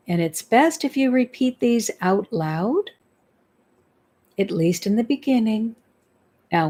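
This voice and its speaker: Woman spiritual guide, unhurried and warm-toned, soothing tapping meditation. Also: mid-range voice. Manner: slow, soothing, instructive, repeats affirmations. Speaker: spiritual healer leading a guided exercise.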